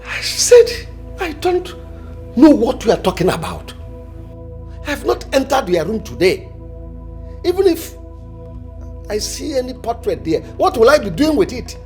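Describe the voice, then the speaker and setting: A man's voice: huge pitch swings, a little slow, long pauses, faint music behind, heavily acted. An actor playing a stern, commanding king who scolds his servants and snaps at his son. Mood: defensive. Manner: scolding, imperious, swings from shouts to low mutters. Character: stern commanding male king, quick to threaten. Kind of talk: period drama acting.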